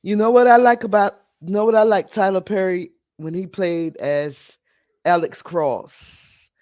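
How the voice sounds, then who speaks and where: A man's voice: high voice, fairly even intonation, measured pace, darkish tone. A man hosting a live stream podcast, chatting casually and a little scattered while he sorts out his audio.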